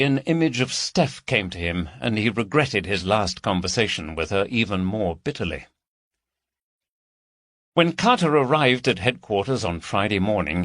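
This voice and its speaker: A man narrating a crime audiobook in an expressive, lively reading. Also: lowish voice, no room sound.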